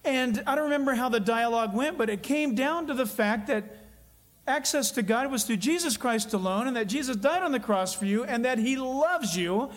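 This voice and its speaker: A man with a fairly high voice, preaching a sermon. He tells stories in an earnest way and draws out the phrases he wants to stress. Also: animated. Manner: earnest, storytelling preacher with emphatic slowed phrases. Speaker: pastor.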